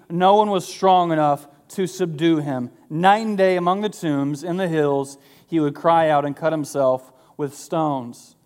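A man's voice: on the high side, a little mellow, clean tone. A man preaching a sermon in a conversational way, with jokey asides to the congregation. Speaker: pastor.

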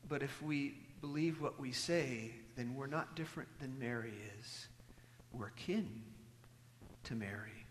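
A man preaching a sermon, telling a story and moving between loud emphasis and hushed, near-whispered lines. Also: mid-range voice, unhurried. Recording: long hall reverb.

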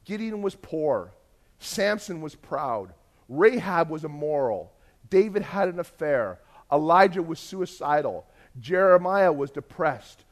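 A man preaching a sermon, telling a story and swinging between hushed, intimate moments and loud, emphatic lists. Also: fairly high pitch, animated, a little slow. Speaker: pastor.

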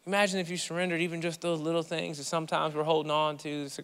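Male pastor, animated conversational sermon, bright tone, long hall reverb. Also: fairly high pitch, fast, smooth. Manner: animated, conversational preaching with playful asides.

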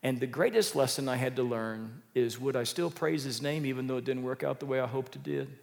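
A male minister preaching a sermon in an animated, conversational way, full of rhetorical questions. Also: medium pitch, a little fast, vocal fry, long reverb tail.

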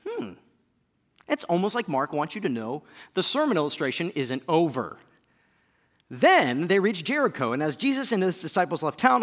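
High, lively preacher man in a reverberant hall. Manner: animated, acts out shouted voices, drops to a hushed low voice. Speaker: pastor. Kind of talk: sermon.

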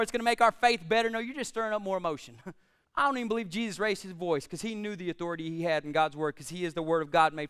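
A man preaching a sermon, telling the story with animated shifts between hushed and loud delivery. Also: sits high, smooth, dry recording, studio quality. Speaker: pastor.

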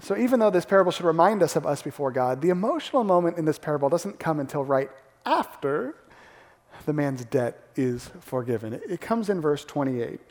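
A male pastor preaching a sermon, animated, acting out the crowd's gasps and the characters' lines. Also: on the high side, brisk. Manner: animated, acts out gasps and quotes. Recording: long hall reverb.

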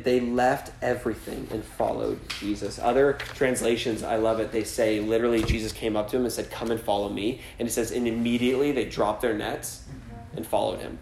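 A male pastor delivers a sermon in a chatty, easygoing way, at an ordinary middle pitch. He keeps checking in with his listeners and slips into quick acted voices for the people in the story. The sound carries the echo of a roomy space. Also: a little mellow, slight background noise. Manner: casual preaching, frequent "right?", acts out voices with laughs. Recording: echoey room.

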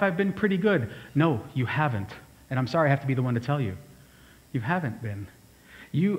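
Male pastor, mid-pitched, relaxed storytelling sermon with casual asides. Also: poor audio. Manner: storytelling, conversational, asides to the congregation.

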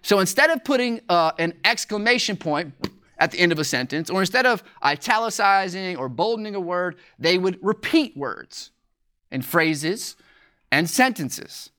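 A preacher teaching a sermon from scripture, slowing down to stress key words and asking rhetorical questions. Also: medium pitch, lively intonation, bright, forceful tone. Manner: deliberate, slows for emphasis on key words.

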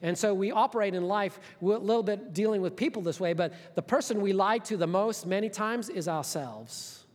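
A man preaching a sermon as pastor, passionate, swinging between hushed and loud, often repeating words. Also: high-pitched, fairly quick, few pauses. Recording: long hall reverb.

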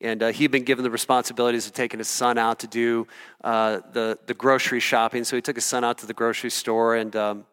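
A pastor preaching a sermon, earnest and animated, telling stories and calling out to the congregation. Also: male voice, mid-range voice, fast, clear, resonant tone, big-room sound. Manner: earnest, animated storytelling with audience asides.

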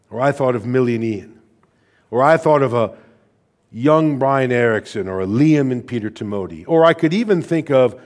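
A man in his thirties preaching a sermon, telling earnest personal stories with feeling. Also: on the high side. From United States. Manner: earnest storytelling, emotional personal anecdotes. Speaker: pastor.

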